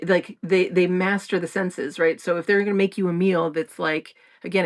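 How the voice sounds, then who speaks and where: A woman podcast host explaining ideas in casual talk, often restarting sentences and laughing as she goes. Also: fairly low pitch. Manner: rambling, with frequent restarts and laughter.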